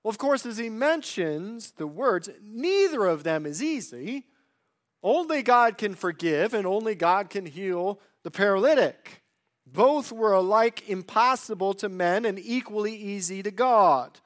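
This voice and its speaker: A man preaching a sermon in earnest, swinging between loud emphasis and quiet, drawn-out phrases. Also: high-pitched, expressive.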